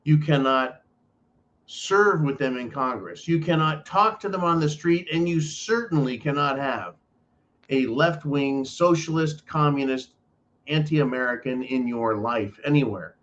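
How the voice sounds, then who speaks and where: A man's voice: mid-range voice, a little slow, a bit bright, highs cut off. A man hosting a political commentary show, delivering an emphatic, profane ranting monologue with lots of repetition.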